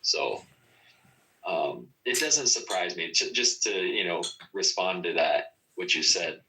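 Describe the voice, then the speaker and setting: A man's voice: sits low, lively intonation, slow, pushed and bright, low-quality recording. A man talking in a casual podcast chat, rambling with many fillers and restarts.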